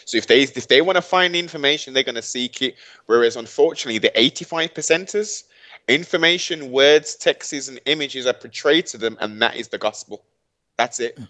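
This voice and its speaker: A man's voice: medium pitch, a little fast, bright, forceful tone. A man co-hosting a casual livestream, speaking emphatically and repeating phrases for stress. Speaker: livestream co-host.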